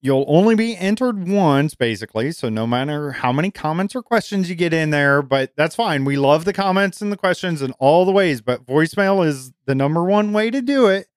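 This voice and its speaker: A man's voice: on the high side, expressive, fairly quick, few pauses, smooth, no echo, clean studio sound. A middle-aged man hosting a casual podcast, enthusiastic, often repeating words as he starts a sentence. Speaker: podcast host.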